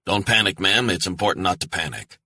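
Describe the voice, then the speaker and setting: A man voicing a cold male covert operative in a calm, clipped American accent. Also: low-pitched, fairly quick, full character voice.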